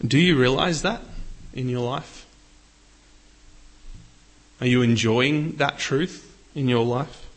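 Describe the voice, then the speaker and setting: A man's voice: mid-range voice, takes it slowly, pauses often. A man preaching a sermon in an earnest way, lifting his voice when he reads scripture. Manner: earnest, rises for scripture readings.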